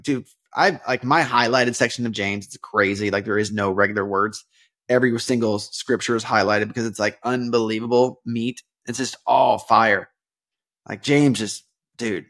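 Gravelly earnest man in devotional talk. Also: medium pitch. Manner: rambling and earnest, many fillers and restarts, bursts of animated emphasis. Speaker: podcast host. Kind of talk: casual devotional podcast talk.

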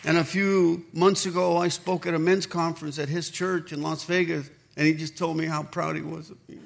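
Pastor, man, high voice, energetic storyteller who plays out the dialogue in his sermon. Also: normal speed, creaky, a little hiss or hum. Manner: animated storytelling, acts out quoted dialogue.

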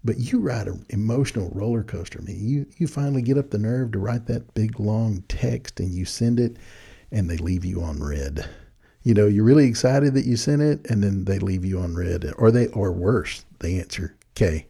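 An older man giving friendly, animated advice to young people in a folksy storytelling manner. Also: fairly low pitch, moderate pace, creaky, husky. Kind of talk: casual talk.

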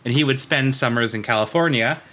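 A man's voice: medium pitch, brisk, pushed and bright. A man co-hosting a podcast, recapping a TV episode in casual, joking chat from his notes. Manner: joking, chatty, reads from notes. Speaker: podcast co-host.

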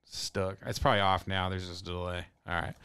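A man with a lowish, smooth and resonant voice trades crude jokes in a relaxed podcast chat. His delivery is close and dry, with no room sound around it. He spins absurd hypotheticals with a teasing, offhand manner. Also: fairly quick, no echo. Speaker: podcast co-host. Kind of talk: casual chat.

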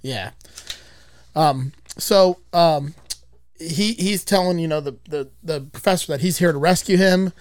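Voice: medium pitch, measured pace, no echo. A podcast host casually retelling a movie's plot, rambling with frequent swearing.

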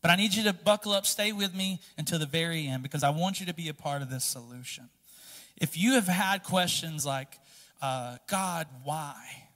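A man preaching as a pastor, moving from quiet, halting confession to loud, impassioned preaching. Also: fairly high pitch. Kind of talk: sermon. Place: church sanctuary. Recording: long reverb of a large hall.

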